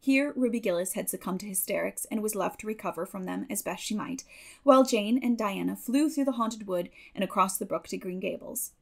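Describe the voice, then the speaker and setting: A woman narrating a classic novel as an audiobook, telling it in a measured, expressive way. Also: medium pitch, vocal fry. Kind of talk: scripted narration.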